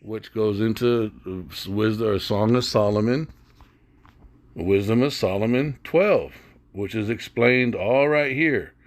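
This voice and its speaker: A man's voice: fairly low pitch, takes it slowly. A man teaching from the Bible and commenting as he goes, emphatic and blunt, often asking his listeners rhetorical questions. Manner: blunt, drops into swearing.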